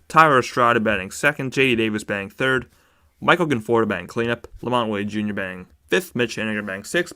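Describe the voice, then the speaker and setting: A young man hosting a live baseball stream, chatting casually with viewers and admitting a sore throat that leaves him a bit monotone. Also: mid-range voice. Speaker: sports stream host.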